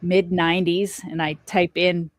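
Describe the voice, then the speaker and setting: A middle-aged woman tells her story as a guest on a podcast, slipping into the voices of the people she quotes. Her voice sits a little low, and the sound is close and dry with no room around it. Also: measured pace, dry recording. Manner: animated storyteller, acts out quoted lines. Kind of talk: casual storytelling interview.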